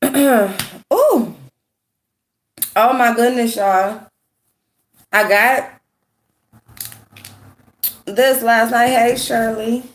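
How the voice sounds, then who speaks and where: A woman with a sick, hoarse voice chatting casually with viewers while doing her makeup, greeting them by name and gossiping. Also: on the high side, steady tone, drawn-out words, long pauses, a bit bright, slight background noise. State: sick, hoarse voice with a runny nose. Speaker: YouTube commentary host.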